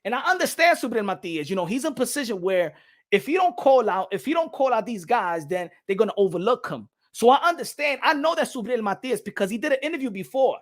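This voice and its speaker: A man talks straight to his viewers in a loose, animated vlog rant. He hammers his points by repeating phrases and breaks into laughter between them. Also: very high voice, quick pace. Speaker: boxing channel host. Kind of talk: casual vlog commentary.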